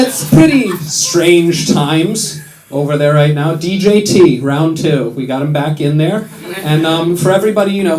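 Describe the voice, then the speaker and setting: American guy doing stand-up, sarcastic and deadpan, voice jumps all over, crowd laughing loud in a roomy club. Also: on the high side. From United States. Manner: sarcastic, deadpan jokes with quick put-on voices. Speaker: stand-up comedian. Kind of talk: stand-up comedy set. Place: comedy club in London.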